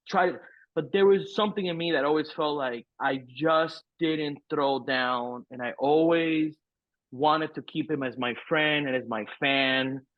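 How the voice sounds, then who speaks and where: With a fairly high pitch, a middle-aged man guesting on a podcast delivers a rambling, candid story, full of curse words and layered fillers, in a frank, profane style. The audio is dry and tinny like a phone line.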